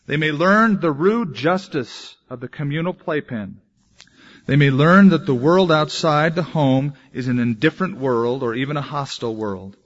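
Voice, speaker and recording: A male pastor preaching a sermon, moving between loud, emphatic declarations and quiet, hushed asides. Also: a little high, normal speed, dull audio.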